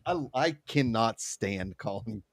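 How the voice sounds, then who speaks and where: A man hosting a casual game watch-party chat, excitable, reading chat aloud and laughing often. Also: fairly low pitch, slow pace. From Pittsburgh. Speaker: host.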